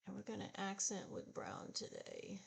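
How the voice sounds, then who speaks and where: A woman in her sixties chatting slowly and haltingly while she does her makeup, sounding upset and discouraged. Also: medium pitch, wildly swooping pitch, vocal fry, breathy edge. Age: 60s. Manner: slow, subdued and halting, with sighs. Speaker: beauty vlogger. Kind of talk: casual get-ready-with-me chat.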